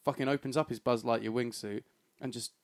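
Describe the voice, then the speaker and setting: A man's voice: mid-range voice, fairly quick. A man and podcast co-host in casual chat, recapping a cartoon, who laughs often and swears while telling it. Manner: laughing, swearing, excitable storytelling.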